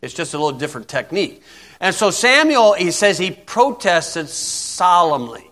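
A man's voice: high-pitched, sing-song, normal speed, pushed and bright. A man preaching an informal sermon in a folksy, blunt way, often asking "okay?".

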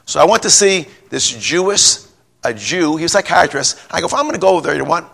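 Gravelly, bright-voiced rambling preacher man. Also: on the high side, brisk. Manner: rambling, repeats words, rises to shouting when excited. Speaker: pastor. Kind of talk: folksy sermon with personal story.

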